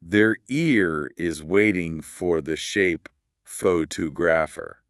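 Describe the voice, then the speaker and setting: A man hosting a podcast, explaining English pronunciation in a calm, measured scripted teaching dialogue. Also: low voice, dry recording, studio quality.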